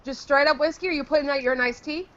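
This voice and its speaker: A woman's voice: high-pitched, fast, a bit bright, lo-fi sound. A woman co-hosting a casual podcast chat, teasing and crude, laughing often. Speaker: podcast co-host.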